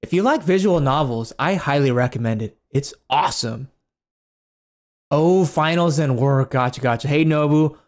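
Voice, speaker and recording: A man's voice: a little high, moderate pace. A man streaming a game, chatting casually in an upbeat way and laughing often.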